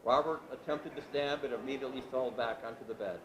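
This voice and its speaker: Male author reading aloud at a literary event, steady and measured, mid pitch, room noise. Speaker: author reading his work. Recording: echoey room with background noise.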